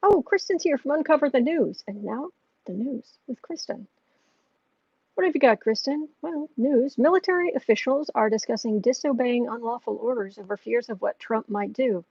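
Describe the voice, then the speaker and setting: An American woman hosts an astrology and tarot livestream, chatting casually, rambling, and reading out viewer questions, and she also coos softly to her cat in baby talk. Her voice is slightly high and fairly quick, with few pauses. The mic is muffled and lo-fi in a dry room with no echo.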